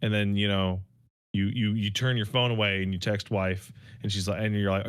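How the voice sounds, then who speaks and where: A young adult man co-hosting a podcast, telling animated stories about his toddler in casual chat. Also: fairly low pitch, moderate pace, smooth, dry recording, studio quality. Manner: animated storyteller, swears. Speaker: podcast co-host and father.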